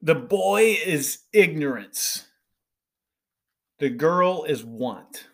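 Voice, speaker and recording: Earnest, slow-talking male podcast host. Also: on the high side, animated, fairly bright tone. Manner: earnest, preachy, often asks "right?". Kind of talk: podcast monologue to fundraisers.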